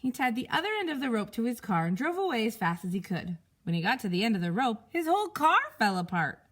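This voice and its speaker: Animated woman reading a picture book. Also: on the high side, quick pace. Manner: expressive, animated storytelling. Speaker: teacher. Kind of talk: reading a picture book aloud to young pupils.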